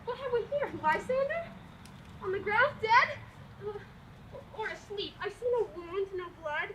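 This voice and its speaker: A woman's voice: very high voice, lively intonation, measured pace, pushed and bright, heavily acted. A woman playing a lovesick, desperate young woman in a live student stage play, pleading breathlessly in verse. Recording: noisy live stage recording.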